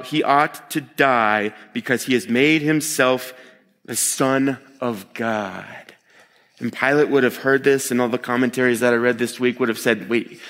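A man's voice: medium pitch, a bit bright. A man preaching a sermon in a conversational way, retelling scripture with everyday voices for the people in it. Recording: long echo of a large hall.

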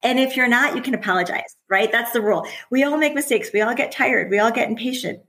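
A woman's voice: on the high side, quick pace, a bit bright, rough recording. Candid, chatty woman in her forties. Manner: candid and chatty, often laughing, with many restarts. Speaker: podcast guest, former teacher and parent. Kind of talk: casual conversational interview.

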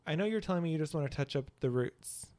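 A man co-hosting a casual podcast chat, telling a story with animated, acted-out quotes. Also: on the high side, quick pace. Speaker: podcast co-host and hairstylist.

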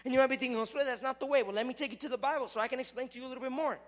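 High-voiced man preaching with animated swings. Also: rapid-fire. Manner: lively, animated delivery that swings from loud to hushed; casual, joking asides to the crowd. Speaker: youth preacher. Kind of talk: sermon.

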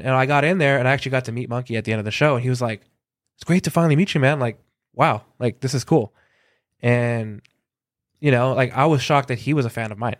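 A man from Southern California, a concert photographer, telling lively anecdotes in a casual interview and acting out quoted dialogue, with a lot of filler words. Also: mid-range voice, dry recording, clean studio sound.

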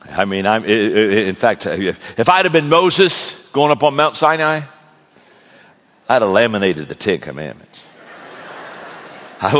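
A man preaching a sermon, telling stories with lively energy and acting out the people in them. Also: lowish voice, big-room sound. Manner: animated storytelling, acting out characters. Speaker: guest speaker.

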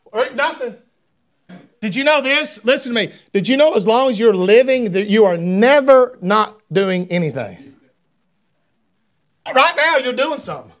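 Male preacher with a very high, bright voice; conversational, then fervent and shouting. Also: very animated, moderate pace. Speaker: pastor. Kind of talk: sermon. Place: church sanctuary.

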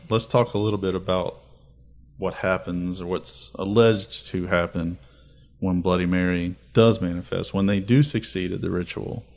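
A man's voice: low-pitched, fairly even intonation, moderate pace, a little mellow. A man hosting a casual podcast chat, telling spooky folklore with dramatic, building lists. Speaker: podcast host.

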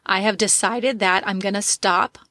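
A woman's voice: mid-range voice, steady tone, normal speed, bright, forceful tone, no room sound, studio quality. A woman in her fifties hosting a motivational podcast. She tells a story in a chatty way and then gives emphatic, encouraging advice to her listeners. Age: 50s. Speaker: podcast host, life coach.

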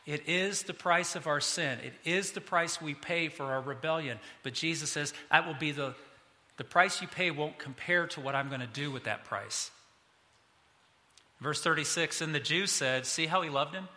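A man's voice: a little high, normal speed, pushed and bright. A man in his fifties, a pastor preaching a sermon in a conversational, self-deprecating way. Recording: long hall reverb.

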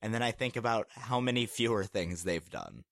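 Podcast co-host, wry, lively pitch swings, dry sound, stammers on starts. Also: moderate pace, dry recording. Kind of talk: casual chat.

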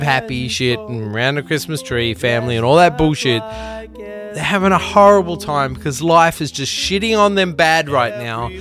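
A man's voice: medium pitch, fairly bright tone. A man hosting a podcast, giving a rambling, profane, earnest pep talk and telling a story. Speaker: podcast host. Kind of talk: casual pep talk and anecdote.

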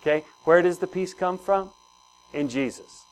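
A man's voice: high-pitched, moderate pace, low-quality recording. A man preaching a sermon in a conversational way, asking the congregation questions and repeating key phrases. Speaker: pastor.

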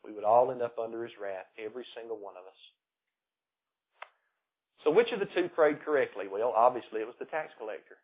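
A man's voice: animated, fairly quick, long pauses. Southern preacher man on a tinny line. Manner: preachy, swelling louder on key words then dropping low. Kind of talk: sermon. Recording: tinny phone-like recording.

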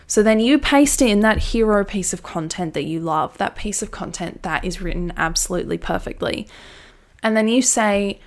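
A woman's voice: mid-range voice, moderate pace. A woman giving a casual, enthusiastic how-to talk about writing content, chatty and full of fillers. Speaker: brand copywriting coach.

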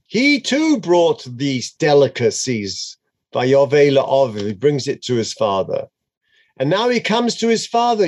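Animated man chanting and explaining scripture. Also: a little high, unhurried. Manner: chants Hebrew verses then translates, dramatic and expressive. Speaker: Torah teacher. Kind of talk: animated text study lesson.

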